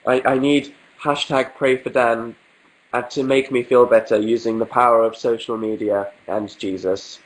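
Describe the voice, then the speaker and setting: A man's voice: medium pitch, level tone, moderate pace, poor audio. A young man from England with a cold, sniffling as he hosts a casual livestream, answering viewer questions in a dry, self-mocking way.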